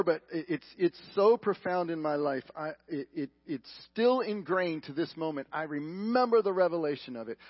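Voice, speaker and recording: A man preaching a sermon, emphatic, swinging from loud questions to hushed, quiet lines. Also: a little high, dry recording. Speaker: pastor. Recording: dull lo-fi broadcast audio.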